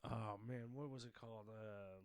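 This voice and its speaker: A man co-hosting a podcast in casual chat, talking in a hesitant, halting way with many restarts. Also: on the low side, steady tone, clean tone, no echo, studio quality. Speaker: podcast co-host.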